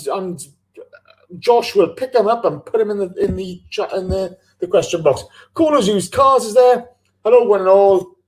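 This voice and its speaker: Male podcast host, slightly high voice, animated and rambling, sweary. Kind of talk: live fan podcast chat.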